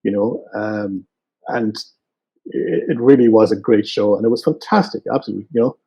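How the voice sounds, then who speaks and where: A man with a West Cork Irish accent, a photographer and guest, telling stories in relaxed casual chat with lots of fillers. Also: lowish voice, normal speed, gravelly, breathy edge. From Ireland. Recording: dull lo-fi sound.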